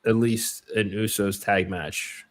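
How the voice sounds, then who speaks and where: A man co-hosting a wrestling podcast, easygoing and agreeable, answering with steady short replies. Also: fairly low pitch, takes it slowly. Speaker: podcast co-host. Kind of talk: casual chat.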